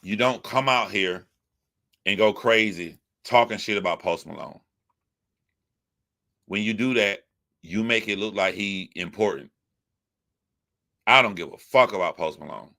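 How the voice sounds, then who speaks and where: A young man rants in a forceful, bright voice that sits a little low in pitch. He swears constantly and hammers his points by repeating them, in a loose, emphatic commentary style. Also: measured pace, gravelly, long pauses. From United States. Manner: profane, emphatic, repetitive. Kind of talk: ranting commentary.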